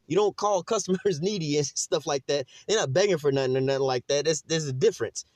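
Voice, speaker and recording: A man's voice: on the high side, fast, hardly any pauses, dry recording. A man giving casual, rambling commentary on scripture, blunt and full of slang, often saying "whatever, whatnot" and "you see what I'm saying". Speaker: religious teacher.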